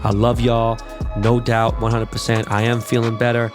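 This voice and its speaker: A man's voice: medium pitch, normal speed, over music. A man hosting a podcast, ranting casually and profanely about basketball and plugging events. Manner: profane, animated sports rant. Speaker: podcast host.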